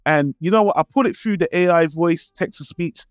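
Brit guy cohosting a movie podcast, kinda high voice, loose and sweary, dry sound. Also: a little fast, no room sound. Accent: British. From Britain. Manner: laid-back, swears freely. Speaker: podcast co-host. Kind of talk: casual chat.

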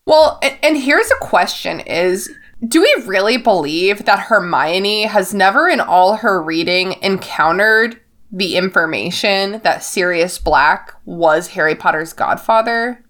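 A woman hosting a casual book podcast. She acts out characters in loud voices and laughs often. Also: medium pitch, expressive, measured pace. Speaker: podcast host.

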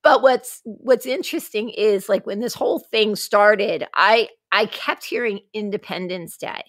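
A co-host of a casual livestream chat, this woman has a mid-range voice and talks a little slowly, with no room sound. She tells animated stories, laughs often, and acts out the dialogue people said.

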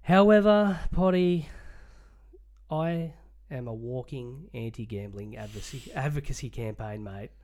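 Animated Australian man bantering about sport. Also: mid-range voice, measured pace. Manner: animated, jokey, lots of mate. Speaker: podcast co-host.

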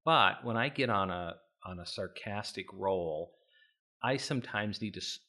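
A man's voice: on the low side, lively intonation, measured pace, bright, forceful tone. A man co-hosting a podcast, talking casually and self-deprecatingly, with frequent restarts. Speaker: podcast co-host.

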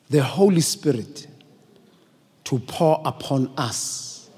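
Emphatic preacher, hall reverb. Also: male voice, fairly high pitch, very animated, unhurried, pauses often, warm tone, husky. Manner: emphatic, repetitive, call-and-response. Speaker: bishop preaching. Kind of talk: sermon. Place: church service. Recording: long church reverb.

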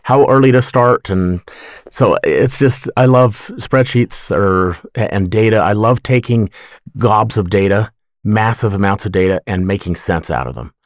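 A man's voice: fairly low pitch, a little slow, no room sound, studio quality. A middle-aged man talking casually as a podcast guest, friendly and self-deprecating, with many ums and restarts. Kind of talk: casual interview talk.

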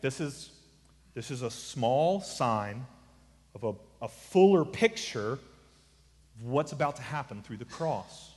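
Preaching man in a reverberant hall. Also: on the high side. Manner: expository preaching, swings from quiet to emphatic; casual asides. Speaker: pastor. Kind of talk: sermon.

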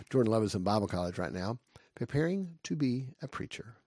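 A man's voice: mid-range voice, big pitch swings, moderate pace, a little mellow, slightly rough, no room sound. A man preaching a sermon, retelling a Bible story with lots of fillers and acting out the characters.

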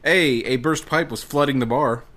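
A man's voice: mid-range voice, moderate pace, a bit bright. Guy running a headline quiz podcast, reads options out, goofy rhyme intros, casual. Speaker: quiz host.

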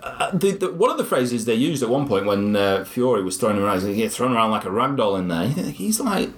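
A man's voice: mid-range voice, fast. Guy chatting boxing on a podcast, chatty, laughs a lot. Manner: chatty, laughs often, animated storytelling. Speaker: podcast co-host. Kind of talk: casual chat.

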